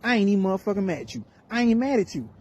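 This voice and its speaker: A man's voice: high voice, sing-song, very fast, darkish tone, voice pushed up. A man acting out a young man who keeps insisting over the phone that he is not mad, repetitive and swearing. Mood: insistently calm.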